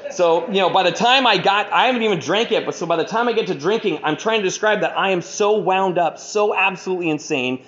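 A man with a fairly high voice talks fast to a listening crowd, rambling through his story and filling it with "you know" and grim jokes. The recording sounds dull and lo-fi. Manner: rambling, full of "you know", dark humor. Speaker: speaker sharing his recovery story. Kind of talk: candid storytelling to an audience.

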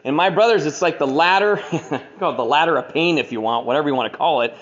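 A man with a fairly high voice talks fast to a listening crowd, rambling through his story and filling it with "you know" and grim jokes. The recording sounds dull and lo-fi. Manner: rambling, full of "you know", dark humor. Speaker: speaker sharing his recovery story. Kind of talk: candid storytelling to an audience.

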